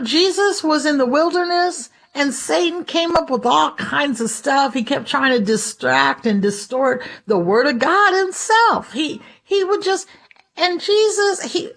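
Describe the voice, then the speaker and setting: A woman preaching a sermon in an expressive, storytelling way. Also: sits high. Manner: expressive, shifts into dramatized voices.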